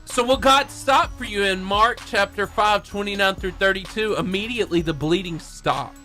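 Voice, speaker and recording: A man co-hosting a radio talk show, earnestly explaining and reading a Bible passage in a lively storytelling way. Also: sits high, moderate pace, soft background music. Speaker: co-host leading a Bible discussion. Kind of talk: casual radio talk, reading scripture aloud. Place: radio studio.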